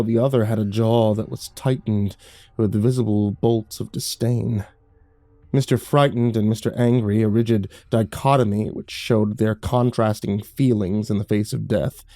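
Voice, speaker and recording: In a dry studio voice-over with no echo, a man narrates a horror story slowly, dramatically and in hushed tones, his medium-pitched voice holding steady.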